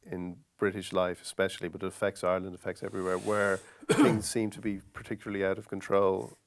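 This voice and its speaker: A man's voice: low-pitched, little pitch movement, a little fast. A man interviewing a guest, asking probing questions and backing him with short replies. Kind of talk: conversational interview.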